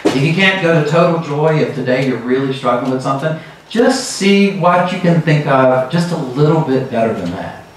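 A middle-aged man giving a lively sermon as a guest speaker, often breaking into laughter and acting out sounds. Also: fairly high pitch, normal speed, distant mic, slight background noise. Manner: lively, laughing often, acts out sheep calls. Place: large church sanctuary. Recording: very echoey church hall from afar.

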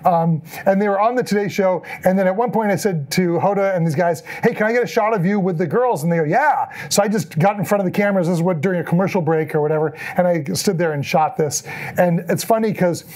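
A man's voice: high voice, fast. A middle-aged man giving a storytelling talk as an event photographer, acting out the lines people said. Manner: animated, acts out quoted lines in the story. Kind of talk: storytelling presentation.

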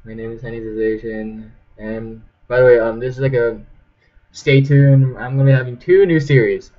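A man's voice: medium pitch, steady tone, moderate pace, muffled recording. A young man hosting his gaming channel, chatting goofily over his gameplay and breaking into squealing yelps. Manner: goofy, jumps to sudden squealing yelps. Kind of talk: casual gameplay commentary. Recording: loud game gunfire behind. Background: shooter game gunfire and clicks.

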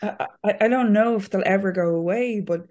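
A woman's voice: medium pitch, brisk, a little mellow. An Irish woman, a guest on a podcast, talking frankly and candidly and laughing easily. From Ireland. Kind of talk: casual interview chat.

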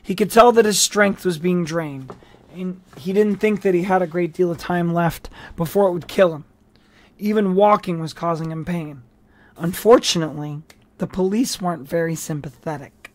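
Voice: mid-range voice, moderate pace. An audiobook reader narrating a novel with casual asides and small restarts. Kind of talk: storybook narration.

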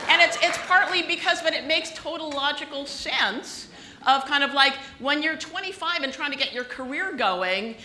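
A woman's voice: high-pitched, animated, moderate pace, background noise. A woman giving a comic keynote speech at a conference, telling chatty, self-mocking stories. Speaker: keynote speaker. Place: conference hall with a live audience. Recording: echoey hall recording.

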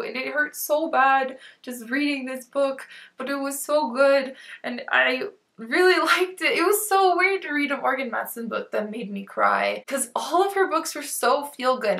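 A woman's voice: a little high, sharp tone. A young woman reviewing a book on her channel, talking in an emotional, rambling way and close to tears. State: near tears. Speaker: book vlogger.

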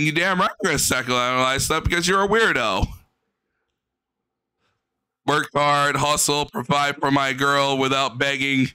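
A man's voice: fairly high pitch, moderate pace, pauses often, sharp tone, clear, resonant tone. A man giving casual, profane reaction commentary, mocking a clip and laughing often. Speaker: reaction streamer.

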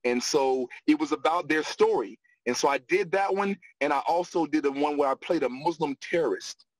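Man, fairly high voice, animated storyteller, dry close recording. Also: normal speed, dry recording, poor audio. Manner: animated, laughs often, repeats phrases. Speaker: guest, actor and acting coach. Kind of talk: storytelling in a casual interview.

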